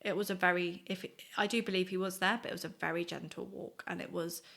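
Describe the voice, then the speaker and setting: Earnest young woman, gravelly fry. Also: lowish voice, steady tone, a bit bright. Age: 20s. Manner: earnest, reflective, halting. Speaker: guest sharing her faith story. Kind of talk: personal faith testimony.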